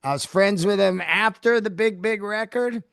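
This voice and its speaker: A man, a comedian from the San Francisco Bay Area, telling profane, animated backstage stories in a casual interview. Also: sits high, moderate pace, creaky, smooth, no room sound, clean studio sound. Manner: animated, profane storyteller who acts out quotes. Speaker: comedian guest.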